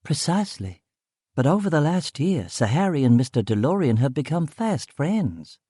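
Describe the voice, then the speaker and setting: A man's voice: fairly high pitch, very animated, moderate pace, warm tone, breathy edge, no room sound, clean studio sound, voice pushed up. A male narrator voicing a cheerful young woman office worker in an audiobook, speaking in a lifted, eager tone. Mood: bright, chatty.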